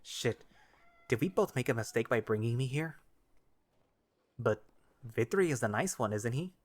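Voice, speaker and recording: A man's voice: mid-range voice, animated, moderate pace. Man narrating a first-person audio story.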